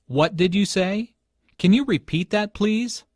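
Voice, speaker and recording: A man's voice: high voice, unhurried, no room sound, studio quality, voice pushed up. A man voicing a young man struggling to hear on a bad phone call in a scripted lesson dialogue. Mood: puzzled. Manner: asking to repeat.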